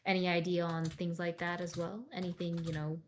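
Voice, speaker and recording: A woman's voice: on the low side, little pitch movement, brisk, a little hiss or hum, lightly acted. A woman playing a weary, drifting former bodyguard in a tabletop game, speaking politely in a hesitant, rambling way. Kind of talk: tabletop role-play in character.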